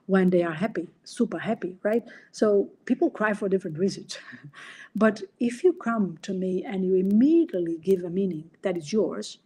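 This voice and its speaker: A woman's voice: on the low side, dark tone. A middle-aged woman coach and podcast host, explaining ideas in an earnest, casual way and sometimes acting out quoted dialogue.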